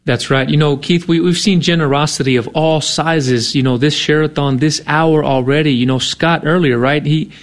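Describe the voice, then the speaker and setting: A man's voice: fairly high pitch, fairly even intonation, moderate pace, hardly any pauses. A middle-aged man co-hosting a radio fundraising appeal, talking earnestly and conversationally with many fillers. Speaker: radio co-host.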